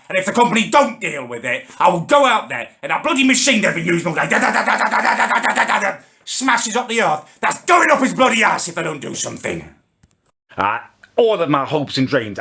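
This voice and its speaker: A young man rants indignantly to camera, his voice climbing into shouts. His tone is gravelly and bright. His pitch leaps widely as he gets worked up. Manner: indignant, shouting ranting with Northern English slang. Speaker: comedy channel host. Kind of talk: comedic rant to camera.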